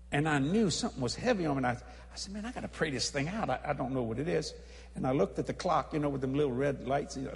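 A man tells a story in a sermon, voicing every character himself and breaking into hollers at the climaxes. His voice sits a bit high for a man. A long reverb trails each phrase, as in a large church. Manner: animated, acts out dialogue, hollers at climaxes. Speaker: evangelist.

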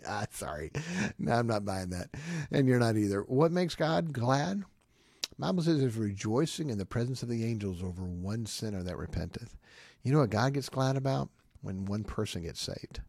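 A middle-aged man preaching in an ordinary-pitched voice, firing rhetorical questions at his listeners. He breaks in with quick quips and sudden loud outbursts. The sound is dry and close, with no room echo. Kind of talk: sermon-style teaching.

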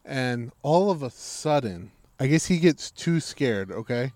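Speaking unhurriedly at medium pitch, with no room sound, a man spins a story in casual chat. He cusses freely and brings it to life by performing other people's lines.

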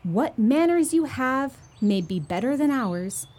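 A woman voicing three gentle, well-mannered little bear cubs from the woods in a storybook reading. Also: sits high, animated, a little slow. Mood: polite.

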